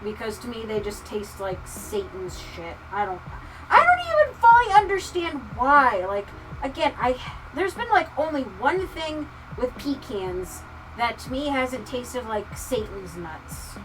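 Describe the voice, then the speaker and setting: A woman livestreamer chatting casually with viewers, ranting with profanity and swinging from muttering to near-shouting. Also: a little high, very animated, measured pace, distant mic, noisy background. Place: home craft room. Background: soft lofi music.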